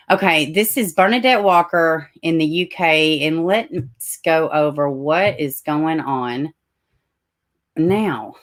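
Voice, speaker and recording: Low-voiced Tennessee woman livestream host. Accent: Tennessee Southern US. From Tennessee, USA. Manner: chatty, frequent asides and self-corrections. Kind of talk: casual livestream talk, reading news aloud.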